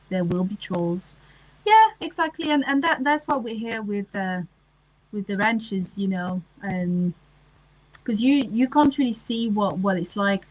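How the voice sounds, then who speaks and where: A woman's voice: mid-range voice, slight background noise, low-quality recording. A woman, chatting casually on a livestream and answering comments, with lots of ums and restarts. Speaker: livestream host.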